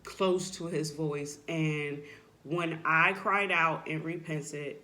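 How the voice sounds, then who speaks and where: A woman giving a heartfelt, unscripted faith testimony. She speaks earnestly and haltingly, often filling pauses with "like" and "you know," and turns emotional and soft at times. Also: low voice, steady tone. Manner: emotional, voice drops softly at times. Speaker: person sharing a faith testimony.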